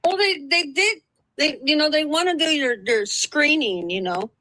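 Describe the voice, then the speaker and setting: Woman, live stream, defiant rant, lots of swearing, lively pitch swings. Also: moderate pace, no room sound, rough recording. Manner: profane, defiant ranting. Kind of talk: casual live stream chat.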